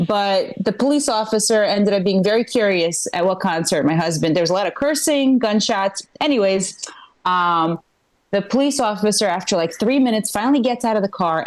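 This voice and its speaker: A middle-aged woman from Ukraine, a stand-up comedian telling a rambling live story on a small club stage and checking in with the crowd. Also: medium pitch.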